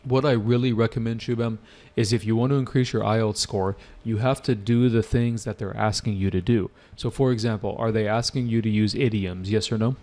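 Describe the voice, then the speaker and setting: Emphatic lower-voiced male teacher. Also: fairly quick. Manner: energetic, repeats points for emphasis, asks students questions. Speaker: English test-prep teacher. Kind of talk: live online lesson.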